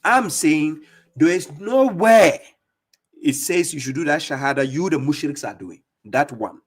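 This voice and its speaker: A man giving scolding religious commentary on a live stream, mocking opponents and reading verses slowly. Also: on the high side, animated. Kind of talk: preaching commentary on played clips.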